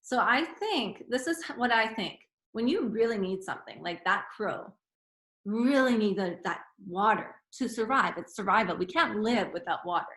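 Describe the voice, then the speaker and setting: A woman teacher with a bright, clear voice reads a fable aloud to young children. She talks in a gentle, chatty way, pausing to explain. The voice rings in an echoey room. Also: medium pitch, animated. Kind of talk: storytime reading and chat.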